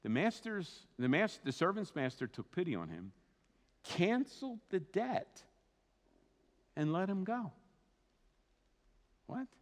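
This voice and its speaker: A man preaching a sermon as a pastor, in a conversational, animated way with asides. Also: high voice, takes it slowly, pauses often, long reverb tail. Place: church sanctuary.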